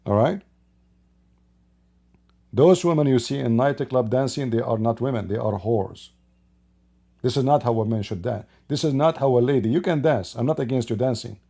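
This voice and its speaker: Warm and creaky, his mid-range voice moves at normal speed but leaves long pauses. The online commentator offers a scornful, emphatic opinion piece built on rhetorical questions and plain, broken grammar.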